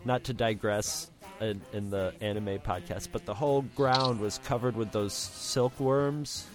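With music underneath, a man speaks at a fairly low pitch, with fairly even intonation and a measured pace. As an anime podcast co-host, he chats casually and tells wandering stories, mimicking folksy drawls.

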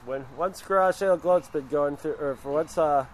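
A man's voice: a little high, moderate pace, slight background noise. A man hosting a podcast in casual chat, rambling through his points with many restarts, recorded outdoors at a public market. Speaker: podcast host. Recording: outdoor market with crowd chatter.

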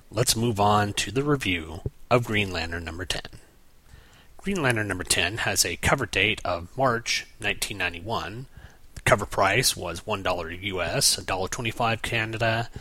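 Bright-voiced man, wry podcast host. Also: lowish voice, poor audio. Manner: wry, joking asides. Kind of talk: comic book review podcast.

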